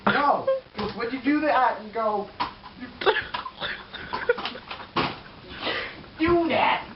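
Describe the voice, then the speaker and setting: A man's voice: on the high side, expressive, unhurried, muffled recording, very noisy. A man playing a boastful, crude pro scooter rider in a mock interview comedy sketch, rambling and bragging. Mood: swaggering.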